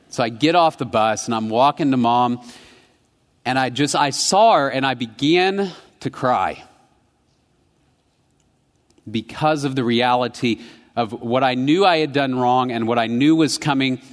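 A man preaching a sermon, telling a childhood story, swinging from hushed, slow reflection to quick, animated retelling. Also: mid-range voice. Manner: storytelling, rising to animated intensity then dropping soft. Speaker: pastor. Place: church sanctuary. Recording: long church reverb.

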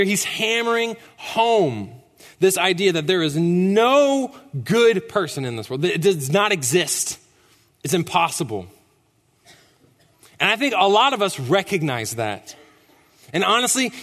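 A young man preaching a sermon in a church, emphatic and conversational, often asking "right?". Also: on the high side. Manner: animated, emphatic, rhetorical "right?". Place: church sanctuary. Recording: long church reverb.

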